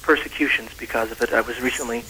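A man's voice: mid-range voice, steady tone, fast talker, pushed and bright, slight background noise, low-quality recording. A teenage boy calling a talk show, polite and earnest, hesitant with fillers. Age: teens. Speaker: caller. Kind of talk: phone-in question.

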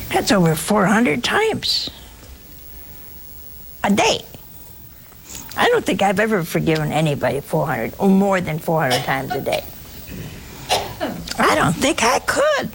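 A woman's voice: medium pitch, very animated, unhurried, gravelly, long pauses, a little hiss or hum, rough recording. A woman preaching a sermon in a folksy, humorous way, acting out the scripture stories as she goes.

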